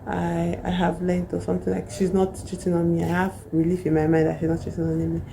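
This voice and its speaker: A woman's voice: fairly low pitch, monotone, brisk, vocal fry, warm tone, slight background noise. A woman voicing a jealous, scheming middle-aged husband who mutters his inner thoughts. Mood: brooding.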